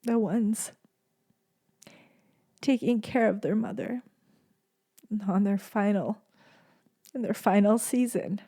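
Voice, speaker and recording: A woman hosting a solo podcast, speaking slowly and unhurriedly with a medium pitch. Her delivery is gentle, soft and tender. She often repeats a phrase for emphasis. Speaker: podcast host. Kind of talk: heartfelt solo podcast monologue.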